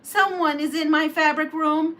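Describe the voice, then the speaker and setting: A woman's voice: very high voice, sing-song, a little slow, bright, forceful tone, pitched above the performer's own voice, heavily acted. A woman voicing an angry papa bear in a storybook tale, speaking in a cross voice.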